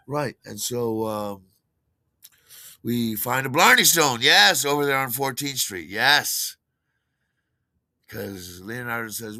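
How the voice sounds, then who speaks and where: A man's voice: on the low side, animated, a little slow, sharp tone, dry recording. An older man telling a rambling personal story, full of fillers, restarts and chuckles at his own tale. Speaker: podcast host.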